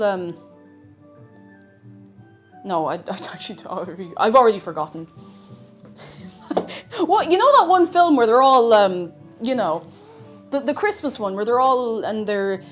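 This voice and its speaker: An Irish woman streaming casually while she cooks, chatty and a bit scatterbrained, humming little tunes between thoughts. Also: a little high. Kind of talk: casual live-stream chat while cooking.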